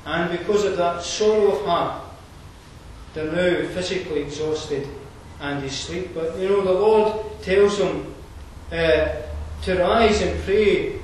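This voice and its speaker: A man with a Scottish accent preaching a sermon, conversational and digressive, often pausing with fillers and restarting his sentences. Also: sits high, a little hiss or hum. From Scotland. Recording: echoey room from far off, faint ambience.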